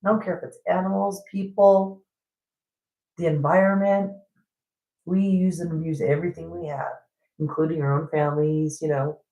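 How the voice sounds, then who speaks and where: Woman, 50s, spiritual vlogger; blunt and rambling, jumps into high voices for quotes; echoey room. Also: level tone, normal speed, dark tone, muffled recording.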